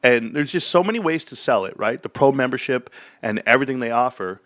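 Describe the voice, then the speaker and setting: Man, casual commentary, animated, acts out sales pitches, mid pitch, dry close sound. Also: a little fast, no room sound. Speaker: stock commentary host.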